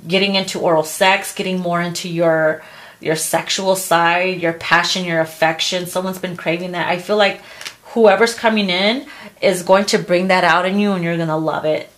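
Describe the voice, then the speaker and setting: A woman's voice: fairly low pitch, steady tone, moderate pace. Crude, laughing woman reading tarot. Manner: blunt and crude, laughs often, acts out quotes. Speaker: tarot reader.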